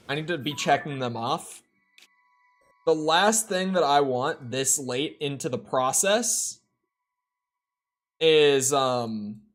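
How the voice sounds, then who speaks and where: A young man streaming a video game, talking to himself in a casual, rambling way with frequent restarts. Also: mid-range voice. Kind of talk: casual gameplay commentary.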